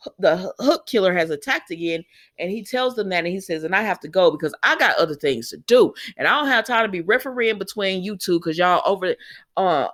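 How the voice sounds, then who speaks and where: A woman casually recapping a soap opera, retelling scenes in quoted dialogue with chatty asides. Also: on the low side. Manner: laughs and exclaims at the characters.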